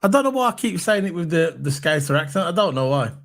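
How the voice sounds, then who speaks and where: A man with a fairly high voice talks through a casual football chat as host. He is animated and keeps repeating his points for emphasis. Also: fast, vocal fry.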